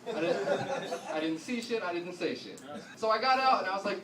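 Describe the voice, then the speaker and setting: A young man doing a stand-up set on a club stage, telling a profane story with deadpan asides and voicing the other people in it. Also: high voice, fairly quick. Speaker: stand-up comedian. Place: comedy club stage before a live audience. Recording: roomy club sound, distant mic, audience noise.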